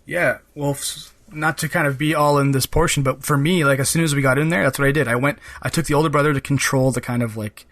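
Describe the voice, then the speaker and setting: A man's voice: mid-range voice, steady tone, fast talker, few pauses, fairly bright tone. A man hosting a podcast, chatting casually about a game, his talk loose and full of fillers. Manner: rambling, full of "kind of" and "like" fillers. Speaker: podcast host. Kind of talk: casual chat.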